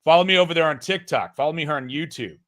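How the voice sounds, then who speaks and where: A man hosting a casual live-stream news commentary, excitable, swearing and laughing as he talks. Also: on the high side, fast. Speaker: host of a political news stream. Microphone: streaming setup mic.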